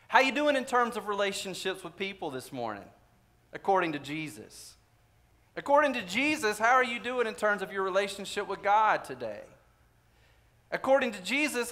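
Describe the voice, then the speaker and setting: A preacher with a high, bright voice delivers a sermon in a church sanctuary. He keeps it conversational, questioning the congregation directly and hammering home key phrases by repeating them. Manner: emphatic repetition of key phrases. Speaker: pastor.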